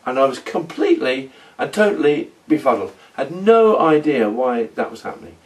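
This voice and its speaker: A middle-aged man telling his story in a rambling, halting role-play monologue. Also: medium pitch, very animated, distant mic. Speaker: former oil company manager in a role-play.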